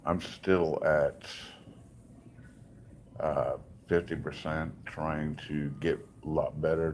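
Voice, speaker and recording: Man, very deep voice, slow rambling talk, hospital room, faint background hum. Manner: rambling, repetitive storytelling with many asides. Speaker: vlogger. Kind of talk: casual rambling update.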